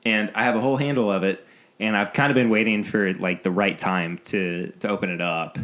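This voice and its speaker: A man's voice: lowish voice, steady tone, fairly quick, fairly bright tone. A man hosting a casual bourbon podcast, talking loosely and laughing often. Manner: rambling, laughs often, restarts. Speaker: podcast host. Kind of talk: casual chat.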